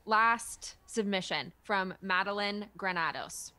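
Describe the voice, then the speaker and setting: A woman's voice: medium pitch, takes it slowly, pushed and bright, clean tone. A woman hosting a casual panel discussion, chatty and full of filler words. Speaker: show host.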